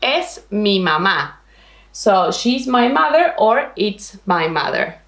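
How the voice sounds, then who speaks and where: Woman teacher for a language lesson: slow, clear drills, lively pitch, echoey room. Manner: slow, careful modeling of pronunciation. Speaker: Spanish teacher.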